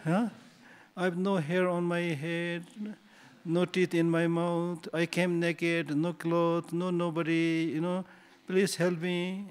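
A man's voice: a little high, monotone, slow pace, clean tone, voice pushed up. Man doing a pleading newborn baby.

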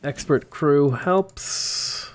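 A man's voice: fairly high pitch, drawn-out words. A young Australian man giving rambling, casual commentary while playing a strategy game, chatting to his units. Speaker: gaming YouTuber. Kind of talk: casual let's-play commentary.

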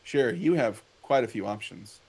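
A man hosting a casual chat, asking questions in an animated way. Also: fairly low pitch, normal speed, husky. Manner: animated, questioning, laughs often. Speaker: host.

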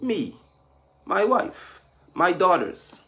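A man delivers a scolding political monologue in a high, very lively voice. He mocks and lectures, pushing up into shouts. Faint insect noise sits behind him. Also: extremely slow. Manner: mocking, lecturing, rising to shouts. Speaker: political commentator.

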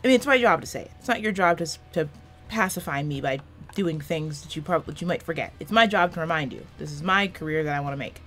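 A woman's voice: low voice, lively intonation, fast talker, a bit bright, faint music behind. A woman in her twenties doing casual let's-play commentary from a small room, rambling and self-deprecating, swearing often. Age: 20s. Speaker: gaming YouTuber. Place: small room with a fan running.

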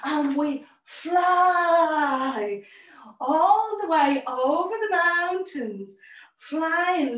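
A woman teaching a family yoga class, telling a story with animated, sing-song guidance. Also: high voice, far from the mic. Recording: echoey room, voice off-mic.

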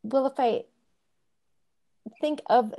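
A woman with a warm, mellow voice tells a story on a video call. She speaks haltingly, with frequent restarts and an amused tone. The sound comes through a computer microphone. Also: high voice. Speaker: audience member asking a question.

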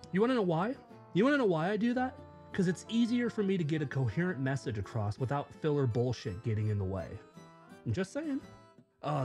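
A man's voice: medium pitch, a little mellow. A man reading a scripted commentary in a sarcastic, mocking, profane way. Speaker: YouTube commentator.

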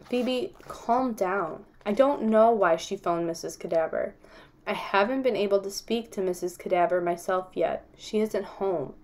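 Weary, patient father, voiced by a woman reader, measured and soothing. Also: medium pitch, darkish tone, close to an everyday voice. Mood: calming. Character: weary, patient father calming his daughter.

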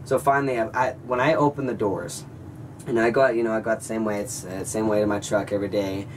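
A young man vlogging, telling a story to his viewers in an animated way and calling them guys. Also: lowish voice, fast, recorded from a distance, slight background noise. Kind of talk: storytelling vlog.

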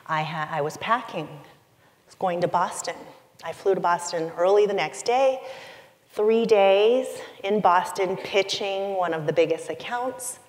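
Slow, reverberant middle-aged woman storyteller. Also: medium pitch. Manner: confessional, emotive, deliberate pauses. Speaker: keynote speaker. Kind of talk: personal storytelling talk. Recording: long hall reverb.

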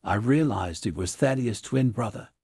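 A man reading a classic story aloud as scripted narration for English learners, in a clear, even way. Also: mid-range voice, moderate pace, dry recording, studio quality.

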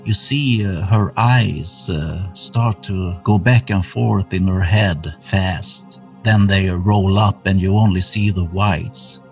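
A deep-voiced man runs a tabletop horror game at an unhurried pace, pausing often on uh fillers. Music plays faintly behind him. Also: gravelly, poor audio. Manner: measured with frequent uh fillers. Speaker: game master.

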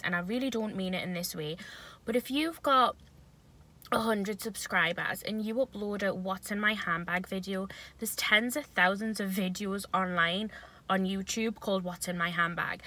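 A woman's voice: medium pitch, sharp tone, rough recording. A young woman chatting casually to camera in a mukbang vlog, talking while she eats. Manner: chatty, talks while eating. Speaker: vlogger.

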